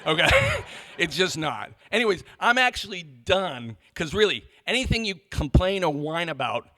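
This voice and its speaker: A man's voice: fairly high pitch, very animated, moderate pace, bright, forceful tone. A man moderating a conference panel, rambling and joking with restarts and swearing. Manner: rambling, joking, self-interrupting, profane. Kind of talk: stage rant at a conference panel. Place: conference hall stage.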